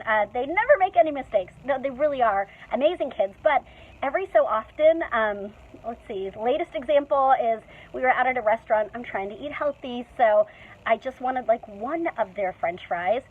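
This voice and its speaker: A woman's voice: a little high, expressive, normal speed. A woman pastor preaching a conversational sermon in a church, chatty and humorous, with playful asides. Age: young adult to middle-aged mother. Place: church sanctuary. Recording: tinny phone-like sound.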